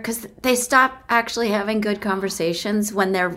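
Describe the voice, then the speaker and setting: Relaxed woman guest chatting. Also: mid-range voice, normal speed, hardly any pauses. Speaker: podcast guest. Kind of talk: casual chat.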